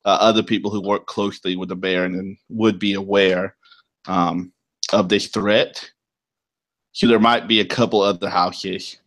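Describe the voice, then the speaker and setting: A man narrating as game master of a tabletop role-playing game, explaining at length with many pauses and fillers. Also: deep voice, flat delivery, a bit bright. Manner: unhurried, filler-heavy explaining.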